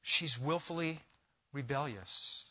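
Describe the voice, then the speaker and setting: A man preaching an expository sermon as a pastor, swinging between loud urging and quiet intensity. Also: medium pitch, slow pace, lo-fi sound.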